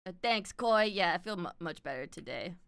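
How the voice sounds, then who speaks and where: A woman's voice: lowish voice, expressive, normal speed, gravelly, fairly bright tone. A woman with a standard North American accent and a slight lisp, chatting casually with live viewers, loose and filler-heavy, swearing now and then. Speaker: streamer.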